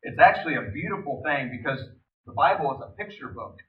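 A man preaching a sermon in an animated way, reading scripture aloud between his own remarks. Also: medium pitch, fairly quick. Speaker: pastor. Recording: distant, echoey, phone-like sound.

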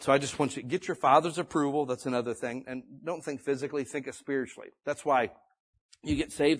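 A man's voice: medium pitch, husky. A male pastor preaching a conversational sermon, reading scripture and building to emphatic exhortation.

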